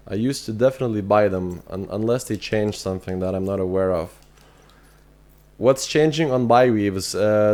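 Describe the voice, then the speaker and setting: A man with an Irish accent and a fairly low, slightly mellow voice chats casually on a game livestream. He reads chat messages aloud, answers viewers, and thinks out loud with fillers.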